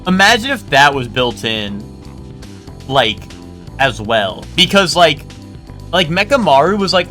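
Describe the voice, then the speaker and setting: A man's voice: a little high, very animated, unhurried, long pauses, bright, forceful tone, faint music behind. A young man streaming a game live, talking in a rambling, casual way with lots of swearing and "like". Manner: rambling, swears a lot, full of "like".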